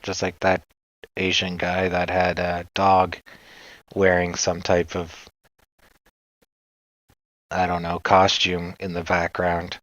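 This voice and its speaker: A man's voice: low voice, completely flat delivery, takes it slowly, long pauses, fairly bright tone, dry recording. A man with a Canadian accent hosting a casual livestream, rambling and joking as he chats. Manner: rambling, joking, laughs often. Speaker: livestream host. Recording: dull lo-fi sound.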